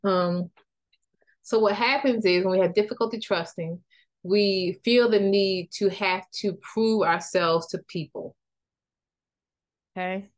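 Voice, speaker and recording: A woman's voice: medium pitch, slow pace, pauses often, no room sound, clean studio sound. A woman hosting a podcast and teaching from the Bible in a casual, conversational way, often calling her listeners y'all and getting emotional. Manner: emotional, fighting back tears of joy. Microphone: microphone with a faulty cord.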